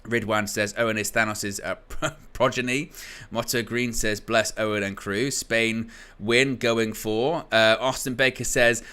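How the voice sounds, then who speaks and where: A young man hosts a football watchalong stream, chatting casually and reading viewer comments aloud in a jokey way. His voice is on the low side, a little slow, bright, forceful and smooth, with fairly even intonation.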